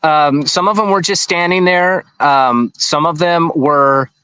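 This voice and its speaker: A man's voice: fairly high pitch, unhurried, bright, forceful tone, smooth, dry recording, low-quality recording. A man being interviewed, recounting events in a rambling, conversational way with frequent restarts. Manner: rambling, with many restarts and asides. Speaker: interview guest.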